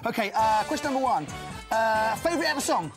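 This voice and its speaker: A man's voice: extremely high pitch, sing-song, fairly quick. A cheeky male children's TV presenter, his voice bouncing up and down as he jokes and chats. Faint music plays behind him. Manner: jokey, cheeky, chatty. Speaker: kids' TV presenter. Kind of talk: playful presenting and chat.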